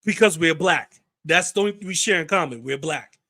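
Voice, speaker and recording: Heated high-voiced man ranting. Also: lively intonation, brisk, pushed and bright, dry recording. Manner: heated, blunt, swears freely. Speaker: commentary channel host. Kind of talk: ranting commentary.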